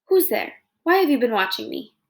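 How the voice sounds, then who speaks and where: A woman's voice: on the high side, sing-song, normal speed. A woman voicing a theatrical possum lady. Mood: wary. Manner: dramatic, gushing, eager to please. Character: chatty theatrical female possum. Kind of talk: reading a children's novel aloud.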